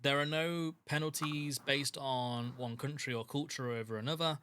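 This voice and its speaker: A man with a bright, forceful voice runs a tabletop horror game as game master. He explains rules and character sheets at a middle pitch, pausing often with ums. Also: steady tone, slight background noise. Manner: hesitant, lots of ums.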